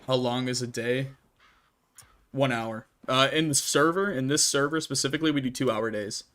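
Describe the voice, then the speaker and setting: A man's voice: medium pitch, normal speed, a bit bright. A young adult man hosting a casual livestream Q&A while gaming, talking in a rambling, chatty way with many restarts and fillers. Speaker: streamer and channel host.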